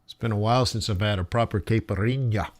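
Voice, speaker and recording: A man live-streaming forex trades, thinking aloud over his charts and talking to viewers as "guys". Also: fairly low pitch. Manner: slow, musing, talks to chat as "guys". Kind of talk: live trading stream commentary.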